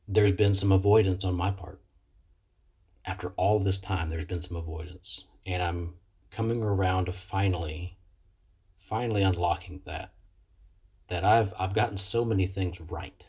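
A man's voice: low voice, a little mellow, slightly rough. A man in recovery giving an earnest, reflective motivational talk into a computer webcam, often stopping to repeat his words. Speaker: person in recovery sharing experience. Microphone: computer webcam mic.

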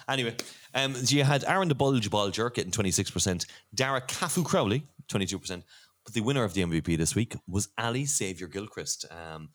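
A man's voice: lowish voice, a little fast. An Irish man hosting a podcast in casual chat, rambling and laughing often. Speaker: podcast host.

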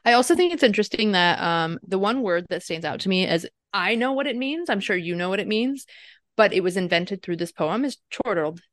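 A woman's voice: mid-range voice, expressive, a little fast, no room sound. A woman co-hosting a podcast, chatty and giggly, rambling through tangents in casual talk. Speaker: podcast co-host.

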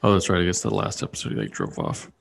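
Man, low voice, casual chat, rambling, many fillers. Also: sing-song, fast talker, vocal fry. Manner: rambling, lots of fillers and restarts.

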